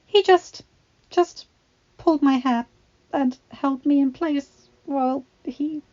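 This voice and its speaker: A woman voicing a frightened, gentle young heroine, tearful and pleading with shaky breath, in a storybook reading. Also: sits high, moderate pace, creaky, voice pushed up. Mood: distraught. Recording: slightly dull, faint background music.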